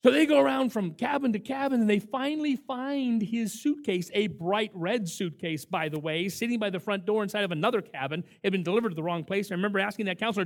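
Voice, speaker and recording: Older man, camp director, sermon, high-pitched, animated storyteller, emphatic. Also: fast, few pauses. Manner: animated, emphatic storyteller who acts out quotes.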